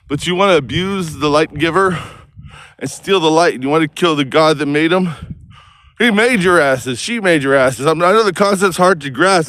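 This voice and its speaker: A man's voice: fairly high pitch, fairly bright tone. A man on a street, rambling in a profane, stream-of-consciousness monologue that jumps from topic to topic. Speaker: vlogger. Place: outdoors on a street.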